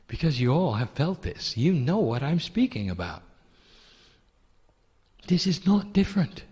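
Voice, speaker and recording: A man giving a channeled spiritual teaching, calling listeners "dear one" and asking rhetorical questions in a soft, deliberate way. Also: a little high, big-room sound.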